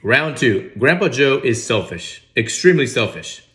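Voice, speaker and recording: A man's voice: medium pitch, lively intonation, moderate pace, fairly bright tone. A man giving casual comedic movie commentary, sarcastic and incredulous with mock outrage. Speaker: movie reaction host.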